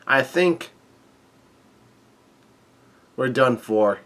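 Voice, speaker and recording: A man reading out the lines of a worried young female navigator in a flat way, keeping his own voice. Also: medium pitch, drawn-out words.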